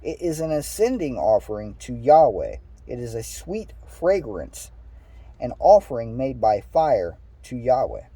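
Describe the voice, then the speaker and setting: Dark husky man reading scripture. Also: mid-range voice. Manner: reads aloud with stumbles and asides. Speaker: Bible reader. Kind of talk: casual scripture reading with commentary.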